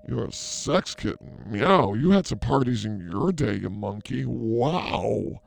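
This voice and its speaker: A man's voice: medium pitch, animated, slow, creaky, heavily acted. A man playing a brash, flirty fake psychic healer in a comedy sketch, rambling through crude banter. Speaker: comedy show host.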